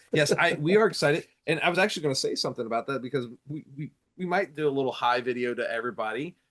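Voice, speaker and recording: A man's voice: fairly high pitch, big pitch swings, fast, fairly bright tone. Laughing, teasing man hosting a podcast. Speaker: podcast host. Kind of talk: casual chat.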